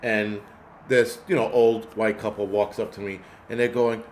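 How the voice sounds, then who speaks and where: A man's voice: on the low side, little pitch movement, moderate pace, a little mellow, a little hiss or hum. A man hosting a casual livestream, rambling through profane stories and answering chat comments. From United States. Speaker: host.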